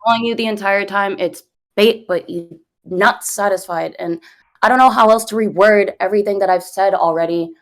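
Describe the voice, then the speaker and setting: On a voice call recorded through her computer mic, a content creator in her early thirties pushes back hard in an interview. Her voice is medium-pitched and moderately paced as she rambles, swears, and argues in her own defense.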